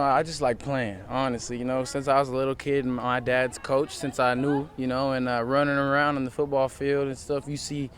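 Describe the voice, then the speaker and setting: A teenage high school football player answering questions in a relaxed way, rambling with lots of fillers, outdoors at a field. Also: male voice. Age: teens. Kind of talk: casual interview.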